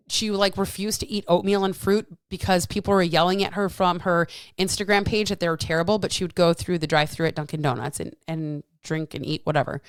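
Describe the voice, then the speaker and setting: Woman fitness coach, hosts solo podcast; blunt, profane, punchy delivery; mid pitch, dry close sound. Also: no echo. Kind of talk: casual solo podcast talk.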